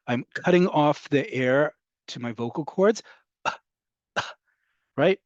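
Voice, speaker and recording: A man gives an online class in a dry, close sound with no room around him. He explains patiently and often stops to ask "right?" or "okay?" His voice sits at an ordinary pitch. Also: dry recording, muffled recording. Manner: explanatory, frequent "right?" check-ins. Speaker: Hebrew teacher.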